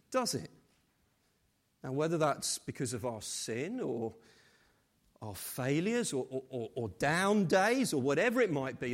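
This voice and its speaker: Slow, unhurried man preaching. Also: high-pitched. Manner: warm conversational storytelling with gentle humor. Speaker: pastor. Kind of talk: sermon with scripture reading and prayer.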